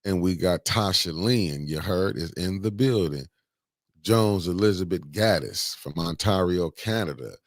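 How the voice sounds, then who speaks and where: Man, very low voice, dry close sound, livestream host, slangy shout-outs. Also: measured pace, no echo. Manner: shouting out viewers, slangy and animated. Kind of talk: casual livestream chat.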